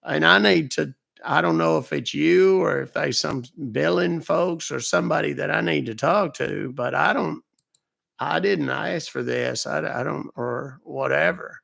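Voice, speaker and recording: Brief: a man playing a raised-pitch, folksy, confused caller; halting and drawling. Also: vocal fry, fairly bright tone, heavily acted. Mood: fretful. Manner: drawling, halting, stammers over words. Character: folksy, rambling, confused man calling support. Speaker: fake caller to a scammer.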